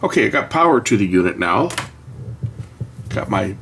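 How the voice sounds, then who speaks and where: Low husky man demoing electronics. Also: normal speed. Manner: relaxed, explanatory, many fillers. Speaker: electronics hobbyist channel host. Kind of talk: casual hands-on product demo.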